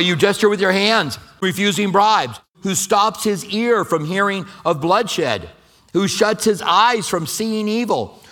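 High-voiced man preaching. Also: a bit bright. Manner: conversational preaching with acted-out quotes. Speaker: pastor. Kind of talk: sermon.

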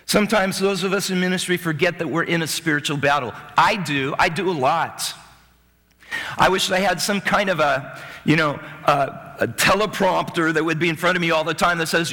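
A man preaching a sermon as a pastor, animated, swinging between loud bursts and hushed asides. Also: on the high side, moderate pace, in a large hall.

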